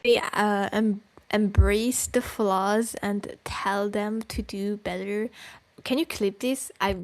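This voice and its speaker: A woman's voice: mid-range voice, fairly even intonation, slow pace, dry recording. A woman co-hosting a podcast and ranting with exasperation at a document she reads aloud. She swears often and sighs. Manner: exasperated, profane, loud bursts, with sighs. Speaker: podcast co-host. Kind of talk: heated podcast rant reacting to a document. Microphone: desk microphone close to the mouth.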